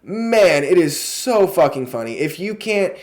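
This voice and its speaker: A man with a slightly high voice giving a casual, chatty review of a TV show. He talks excitedly, swears freely and fills his sentences with fillers. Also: unhurried.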